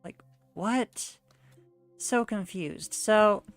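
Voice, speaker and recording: A woman's voice: medium pitch, very slow, dry recording, soft background music. A young woman streaming while she draws, telling a rambling story in casual chat full of "like" fillers. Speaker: art streamer.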